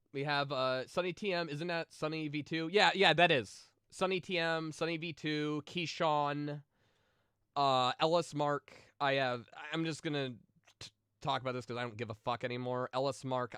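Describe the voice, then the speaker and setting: A man streaming live and reading out donation messages, swearing freely and tripping over his words. His voice is smooth and resonant, sitting at an ordinary pitch, recorded close and dry with no room sound. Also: steady tone, normal speed, fairly bright tone, dry recording. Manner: rambling, profane, with many fillers and restarts; emotional, sensitive. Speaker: streamer answering viewer questions. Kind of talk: casual livestream chat.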